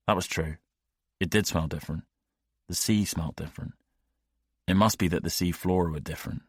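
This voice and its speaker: A man reading an audiobook in the first person, measured and wry. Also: low voice, breathy edge, no room sound, studio quality. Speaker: audiobook narrator. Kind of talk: scripted audiobook narration.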